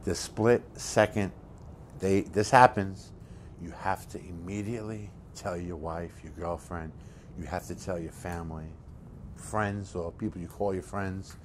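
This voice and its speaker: A hulking, coldly scheming crook played by a man in a low-budget crime film, lecturing bluntly in a streetwise way and swearing in nearly every line. His voice sits very low and heavy. A faint hiss runs under the recording. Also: fairly even intonation, measured pace. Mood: instructive.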